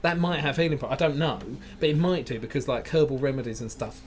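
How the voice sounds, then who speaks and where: A man's voice: on the high side, fast. A man co-hosting a live comedy podcast, chiming in with dry quips and explanations. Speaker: podcast co-host.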